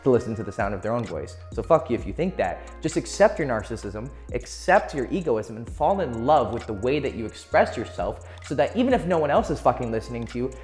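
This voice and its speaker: Dude doing dating advice vlog, cusses a lot, mid pitch, plays with his tone up and down, bit of music under it. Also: sing-song, brisk, few pauses, darkish tone. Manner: profane, playful, swings his voice up and down to demonstrate. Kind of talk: casual advice monologue for video.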